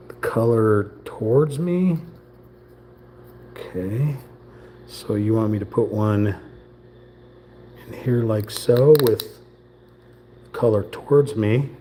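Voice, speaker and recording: A man's voice: fairly low pitch, warm tone, slight background noise. A man streaming live, joking and muttering to himself as he assembles a model. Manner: jokey, muttering to himself while building. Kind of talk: casual live-stream commentary.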